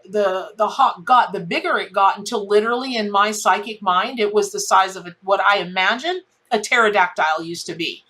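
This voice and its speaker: Middle-aged woman reading tarot, mid-pitched, chatty and heartfelt, talks in loops with many restarts. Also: sharp tone. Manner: rambling, heartfelt, repeats herself and restarts often. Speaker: tarot reader. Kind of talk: casual spoken tarot reading.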